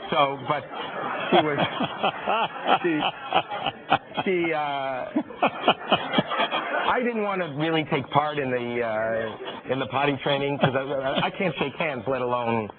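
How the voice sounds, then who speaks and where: A middle-aged man, a comedian guest, telling a story with animated energy, stumbling over quick restarts and repeated words. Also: mid-range voice. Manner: stammering restarts, rapid repetitions. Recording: tinny phone-like radio broadcast with crowd.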